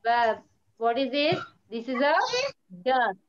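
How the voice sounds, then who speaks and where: A woman's voice: on the high side, takes it slowly, muffled recording, very noisy. A woman teacher giving an online primary school lesson, patiently repeating words and praising often.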